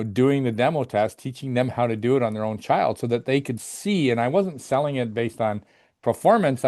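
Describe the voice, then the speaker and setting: A man's voice: mid-range voice, darkish tone. A man hosting a casual interview, easygoing, with frequent affirmations. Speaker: host.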